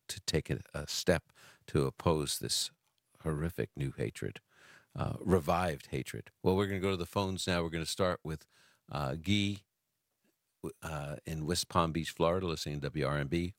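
A man's voice: a bass voice, no echo. A man hosting a call-in radio show, talking earnestly with restarts and fillers into a studio mic.

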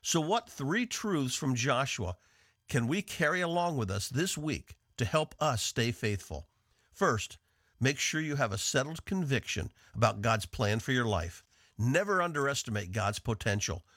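A man from the northeastern United States teaching a devotional on the radio in an earnest, measured way. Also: mid-range voice, sing-song, a bit bright, dry recording, clean studio sound. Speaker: radio Bible teacher and host.

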